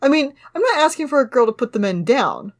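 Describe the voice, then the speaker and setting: A woman's voice: sits high, very animated, fast talker. A woman co-hosting a podcast, reviewing a movie in casual chat with sarcasm and frequent laughter. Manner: sarcastic, laughing, mocking voices when retelling scenes. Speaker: podcast co-host.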